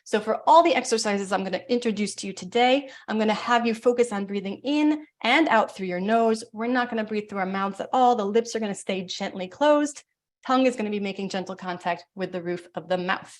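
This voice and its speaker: Woman coach guiding slow breathing. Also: medium pitch. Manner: talks fast, then slow and soothing when guiding breaths. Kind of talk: live online workshop, guided breathing. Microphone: video call.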